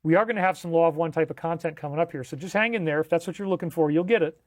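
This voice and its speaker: A man's voice: a little high, rapid-fire, no room sound, studio quality. A man hosting a livestream, talking in an emphatic, incredulous way and repeating himself for effect. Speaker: livestream host. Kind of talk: livestream commentary.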